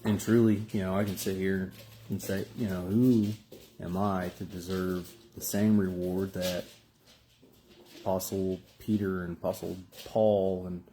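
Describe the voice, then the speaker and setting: A man's voice: low-pitched, level tone, unhurried, warm tone. A male preacher gives a short devotional Bible reading and reflection in a conversational way, with fillers and restarts.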